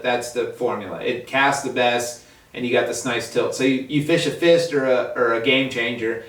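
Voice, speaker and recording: Man ranting with lots of swearing, casual shop talk, roomy echo, off-mic. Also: medium pitch. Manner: profane, animated ranting. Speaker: fly shop guide. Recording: echoey room, mic at a distance.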